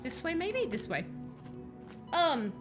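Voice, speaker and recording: A woman's voice: very high voice, sing-song, slow pace, over music. A young woman streaming a video game, chatting casually with playful, rambling jokes. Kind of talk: casual live-stream chat while playing.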